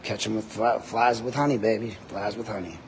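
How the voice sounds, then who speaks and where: A man hosting a livestream from a body-worn camera, ranting in a loud, deep voice, combative and profane. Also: fairly even intonation, brisk, background noise. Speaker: host, citizen journalist. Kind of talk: livestreamed rant. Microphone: body-worn camera mic.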